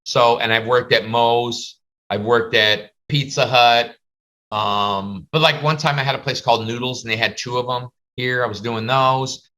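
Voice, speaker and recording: A man's voice: mid-range voice, fairly even intonation, unhurried, sharp tone. A man teaching a class over a video call, chatty and full of stories. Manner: chatty, storytelling, slips into comic voices. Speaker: face painting instructor.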